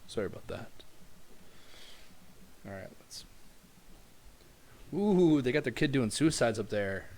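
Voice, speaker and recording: A man developing a game, chatting casually on a livestream from home as he works, relaxed and thinking aloud into a close desk mic. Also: mid-range voice, takes it slowly, pauses often. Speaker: game developer and animator streaming his work. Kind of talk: casual livestream work talk. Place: home room with noisy neighbors upstairs.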